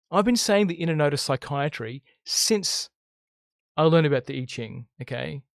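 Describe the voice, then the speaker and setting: A man's voice: fairly high pitch, creaky, no echo, studio quality. A man teaching about the I Ching in a casual spiritual monologue, blunt and emphatic, always checking in with "okay?" and "right?". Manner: blunt, swears freely.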